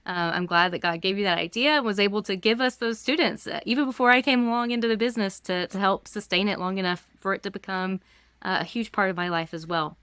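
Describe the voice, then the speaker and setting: A woman hosting a casual interview, asking relaxed, friendly questions with some fillers. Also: medium pitch, fast talker, smooth, no room sound. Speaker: interview host.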